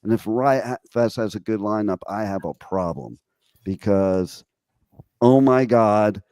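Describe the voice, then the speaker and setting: A man's voice: fairly low pitch, normal speed, warm tone, dry recording. Teasing male radio host, crude banter.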